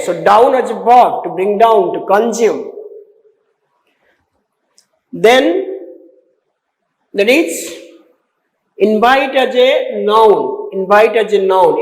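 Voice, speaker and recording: A man teaching an English exam-prep lesson, explaining slowly with many repeats and fillers and spelling out words letter by letter. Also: high voice. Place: classroom. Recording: echoey room with long reverb.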